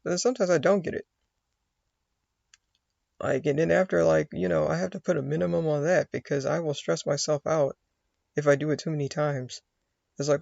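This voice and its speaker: A man from the United States talks in a loose, rambling way, often acting out his own inner voice. His voice sits a bit high and has a lot of gravel. The sound is dry and slightly dull. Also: steady tone, normal speed, pauses often, a little mellow, no room sound. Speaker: vlogger. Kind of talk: casual rambling monologue.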